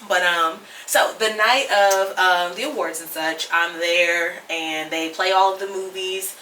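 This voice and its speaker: Young woman telling a story on a podcast, animated, laughs a lot, echoey room, a bit far from the mic w/ faint hiss. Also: lowish voice, unhurried. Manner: animated, laughs often, dramatic retelling. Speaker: podcast guest, first-time filmmaker. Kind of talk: casual storytelling chat. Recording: roomy sound from a distant mic, faint noise.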